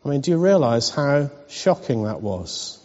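A man's voice: mid-range voice, big pitch swings, normal speed, a little mellow. A man giving a sermon in a wry, conversational storytelling manner. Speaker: preacher. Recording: dull recording in a reverberant hall.

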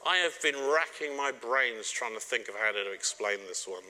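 A man's voice: medium pitch, lively intonation, moderate pace, few pauses. A middle-aged man gives a sermon on marriage, speaking straight to the congregation and joking now and then. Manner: warm, joking, direct address to the congregation. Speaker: preacher.

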